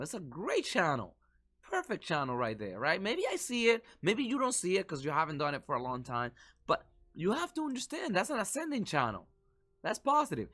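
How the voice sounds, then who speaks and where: An animated man talks viewers through market charts in a casual, chatty way. His voice sits a little high and swings widely in pitch, with a bright, forward tone. He slips into mock-panicked voices when quoting others. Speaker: market commentary vlogger.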